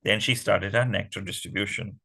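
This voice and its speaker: A man telling a myth to a children's class, animated and often asking the kids questions. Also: fairly low pitch, a little fast, vocal fry, husky, rough recording. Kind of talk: storytelling to children.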